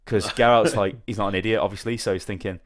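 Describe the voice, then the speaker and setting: A man hosting a casual podcast, telling a rambling, animated story and swearing freely. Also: lowish voice, quick pace. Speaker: podcast host. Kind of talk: casual chat.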